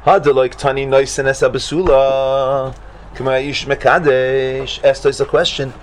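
A man teaching a Talmud class to students, asking them question after question in an animated way. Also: mid-range voice, normal speed, a little hiss or hum. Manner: animated, questioning, mixes Hebrew and Aramaic terms.

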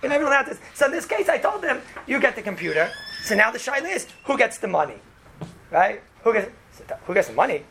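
A man's voice: very high-pitched, very animated, quick pace, creaky, sharp tone, slight background noise. A man giving an informal religious law lesson in a conversational way, often asking "right?" and acting out the people in his examples. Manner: conversational, often asks "right?", acts out quotes. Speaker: Torah teacher.

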